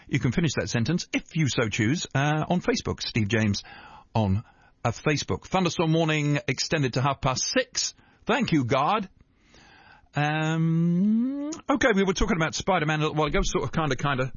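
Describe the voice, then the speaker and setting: A man hosts a casual radio show, joking and rambling with a self-mocking streak. His voice sits fairly high and swings freely in pitch. The sound is dull and lo-fi, with music playing behind him. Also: expressive, moderate pace, no echo. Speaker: radio host.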